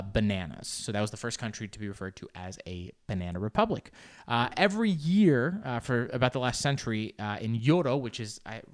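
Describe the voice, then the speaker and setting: Young man, smooth voice, rambling, swearing, joking at himself, casual solo chat. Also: medium pitch. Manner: rambling, profane, self-mocking. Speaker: podcast host.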